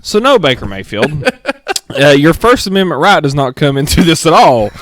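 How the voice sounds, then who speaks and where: A man's voice: on the high side, sing-song, normal speed, fairly bright tone. A young man co-hosting a casual sports podcast, blunt and opinionated, laughing often. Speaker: podcast co-host.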